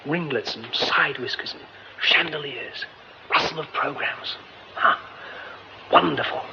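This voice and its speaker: A man's voice: on the high side, a little slow, vocal fry, muffled recording, very noisy. A flustered theatre man. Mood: musing. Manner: muttering to himself, then panicked. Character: flustered young male theatre director. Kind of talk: radio drama acting.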